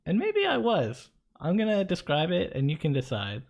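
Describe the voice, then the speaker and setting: A man, co-hosting a casual chat and telling an animated anecdote. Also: sits high, normal speed, creaky, highs cut off. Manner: animated anecdote-teller, conversational. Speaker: co-host.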